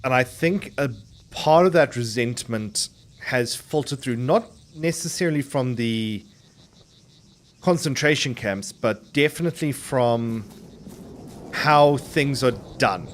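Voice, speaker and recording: A man's voice: medium pitch, slow pace. Rambling, swearing male game streamer. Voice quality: clearly enunciated. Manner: rambling, swearing, many restarts. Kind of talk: casual chat while streaming a game.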